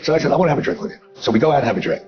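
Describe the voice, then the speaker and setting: Older man, blunt storyteller, rapid delivery, slightly muffled audio, faint music underneath. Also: medium pitch, animated, a little mellow. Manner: blunt, digressive, repeats himself with filler asides. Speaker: investor telling a business story. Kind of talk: anecdotal storytelling.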